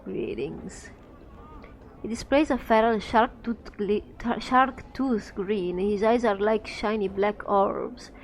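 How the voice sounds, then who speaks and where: A woman's voice: medium pitch, fairly even intonation, unhurried, hardly any pauses, a little hiss or hum. A woman playing through a game, reading its text aloud and adding chatty, giggly comments. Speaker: game streamer.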